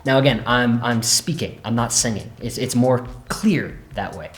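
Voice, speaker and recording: A man's voice: medium pitch, moderate pace. Casual man demoing a synth. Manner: relaxed, says "right?" a lot. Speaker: synth demo host. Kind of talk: casual instructional demo. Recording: roomy echo.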